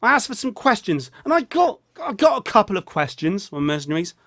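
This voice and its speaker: A man rambling jokily through a casual vlog while feeling ill, often dropping into a low mutter. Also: big pitch swings, brisk, fairly bright tone, dry recording, studio quality. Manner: rambling, jokey, drops into a low mutter on a catchphrase. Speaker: vlogger.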